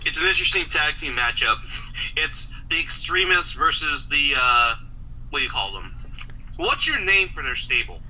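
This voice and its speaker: A man's voice: on the high side, very animated, moderate pace, pushed and bright, slight background noise, poor audio. A man co-hosting a casual podcast, wry and teasing in his remarks. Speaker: podcast co-host.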